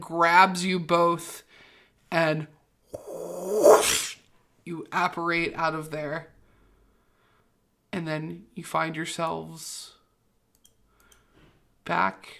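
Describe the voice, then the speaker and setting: Female game master: unhurried, vivid storytelling, crisp bright voice. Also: fairly low pitch, steady tone. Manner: vivid, gory descriptions with many fillers. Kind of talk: narrating a tabletop game.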